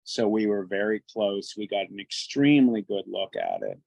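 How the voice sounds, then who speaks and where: A man casually telling a first-person encounter story in a halting way, often repeating his words. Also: lowish voice, huge pitch swings, gravelly, a little mellow, no echo, rough recording.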